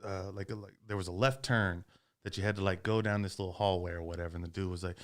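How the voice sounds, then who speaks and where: Podcast host, man, low and smooth voice, casual and foul-mouthed storyteller. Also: fast talker. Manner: profane, animated storyteller.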